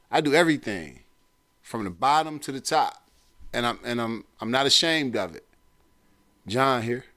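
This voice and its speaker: A man's voice: medium pitch, a bit bright. A man hosting a talk show, giving blunt, streetwise advice and repeating his points for emphasis. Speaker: podcast host.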